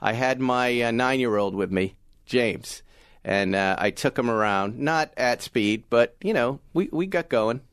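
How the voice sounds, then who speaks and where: A middle-aged man talking about cars with lively, animated enthusiasm. His voice sits at an ordinary pitch and comes through a close, dry studio microphone with no room around it. He comes from Massachusetts and chats casually as a podcast co-host. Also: unhurried, clean tone, no room sound. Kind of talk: casual car talk chat.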